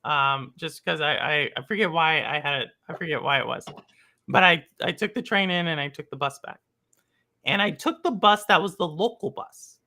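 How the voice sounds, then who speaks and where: A woman from Texas hosting a podcast, telling stories in an animated, chatty way. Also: deep voice, moderate pace. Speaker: podcast host. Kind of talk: casual chat, storytelling.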